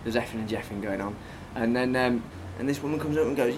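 Man, podcast co-host, slangy and deadpan storyteller, faint background noise. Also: medium pitch, fast. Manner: laid-back, wry, slangy. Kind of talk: casual storytelling.

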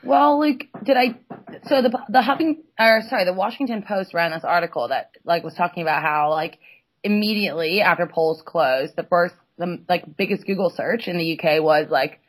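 A young woman co-hosting a podcast in casual chat, playful and teasing, firing off quick questions. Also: on the low side. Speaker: podcast co-host.

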